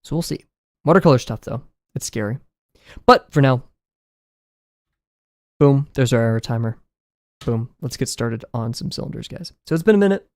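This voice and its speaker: A man's voice: mid-range voice, animated, normal speed, pauses often, no room sound, studio quality. A man chatting loosely and self-deprecatingly on a drawing livestream, his voice a little scratchy today. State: slightly scratchy voice. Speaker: art livestreamer. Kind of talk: casual live-stream chat while drawing. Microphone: desk mic, no camera.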